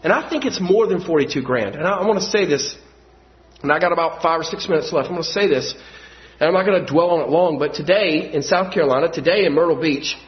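A man preaching a sermon, moving between quiet storytelling and loud, emphatic passages. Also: on the high side, animated, fast talker. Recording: dull lo-fi sound.

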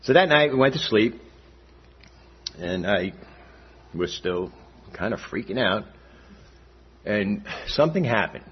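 A man's voice: fairly low pitch, animated, takes it slowly, pauses often, husky. An older man giving a personal testimony at a church gathering, talking conversationally and often checking in with "all right?". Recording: dull lo-fi recording.

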